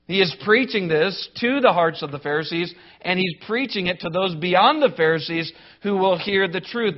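A man preaching a sermon in an emphatic, deliberate way, building points through rhetorical lists. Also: sits high, highs cut off. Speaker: pastor.

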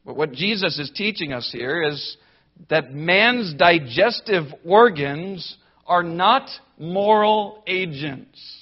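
High-voiced guy preaching slow and emphatic, kinda dull lo-fi sound. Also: lively intonation. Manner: emphatic, deliberate preaching with rhetorical lists. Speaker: pastor. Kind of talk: sermon.

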